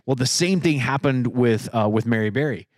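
A man's voice: mid-range voice, normal speed, no echo. Chatty man, dry close sound. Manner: laughing, playful, explains at length. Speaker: podcast co-host. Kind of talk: casual chat.

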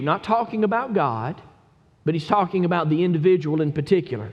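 A man preaching with passion. His slightly high voice swoops across a wide range, dropping to hushed murmurs and then climbing to fervent cries. The sound is dull and lo-fi, with a long echo from a large hall. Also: animated, fairly quick, pauses often. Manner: impassioned, builds from low murmurs to emphatic cries. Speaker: pastor. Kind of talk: sermon.

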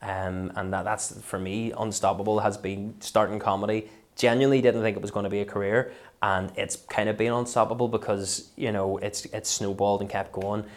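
A Northern Irish comedian in a casual podcast interview, rambling and self-deprecating, full of fillers and restarts. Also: male voice, fairly low pitch, level tone, fairly quick. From Northern Ireland. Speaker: comedian guest.

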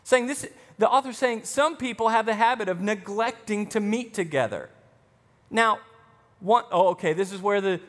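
A man preaching a sermon as pastor, emphatic, with punchy rising lines. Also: a little high. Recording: long hall reverb.

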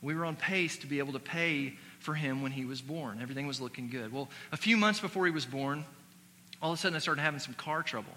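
A man in his thirties preaching a sermon as pastor. He shifts between emphatic exhortation and quiet personal storytelling. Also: a little high, fast talker. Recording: long hall reverb with faint hum.

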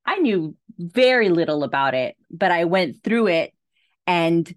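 A woman's voice: on the low side, big pitch swings, measured pace, dry recording, studio quality. A woman in a casual conversation telling a story expressively and acting out her own reactions.

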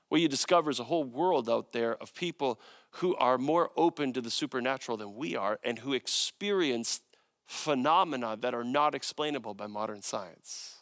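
A man's voice: mid-range voice, a bit bright. A male pastor preaching a sermon in an emphatic manner. He piles up long lists and keeps checking in with "right?".

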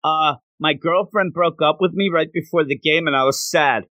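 A man's voice: fairly high pitch, moderate pace, pushed and bright, no echo. A man voicing an upset young male college football player who pleads.

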